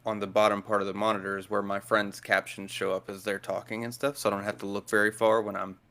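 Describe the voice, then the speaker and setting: A man's voice: lowish voice, little pitch movement, quick pace, pushed and bright. A man speaking as a guest in a casual chat, blunt, direct and dry in manner.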